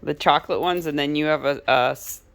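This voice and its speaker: Low gravelly-voiced woman vlogging at home. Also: fairly quick. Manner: chatty, rambling. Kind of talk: casual vlog chat. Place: home, indoors. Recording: noisy home recording.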